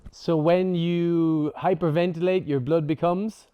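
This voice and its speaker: A man teaching a breathwork workshop to a group, casual and lively, swearing now and then and acting out examples. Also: on the high side, unhurried, clean tone, highs cut off. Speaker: breathwork instructor.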